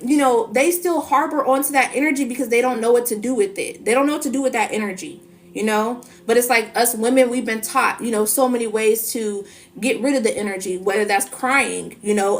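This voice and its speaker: A woman with a slightly high voice talks straight to her viewers, sharing a spiritual energy reading. She is emphatic and loose, piling up fillers and restarting phrases as she drives each point home. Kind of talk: casual spoken monologue to viewers.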